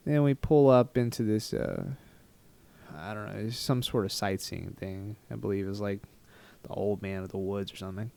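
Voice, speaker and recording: A man's voice: on the low side, normal speed, gravelly, a little mellow, clean tone. A man from Texas casually telling a travel story to his viewers, rambling and poking fun at himself. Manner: rambling, self-mocking, laughs at his own story. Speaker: vlogger.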